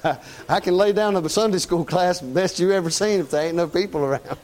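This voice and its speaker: High-voiced folksy male preacher. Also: fairly quick, darkish tone. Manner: folksy conversational preaching, frequent "Amen?". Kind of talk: sermon.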